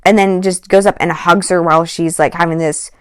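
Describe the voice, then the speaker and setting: A woman's voice: lowish voice, steady tone, a little fast, clean tone, dry recording. Woman rambling thru a gossip storytime, lots of likes and ums, dry close sound. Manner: rambling, heavy on "like" and "um". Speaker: vlogger.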